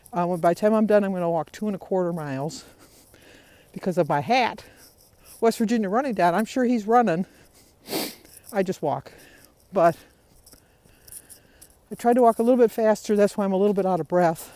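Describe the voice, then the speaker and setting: A woman's voice: fairly low pitch, warm tone. A woman vlogger talking casually to her viewers in a rambling, chatty way. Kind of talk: casual vlog chat.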